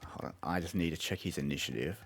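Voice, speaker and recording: A man running a tabletop game as game master, narrating chattily with many ums and pauses. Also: very deep voice.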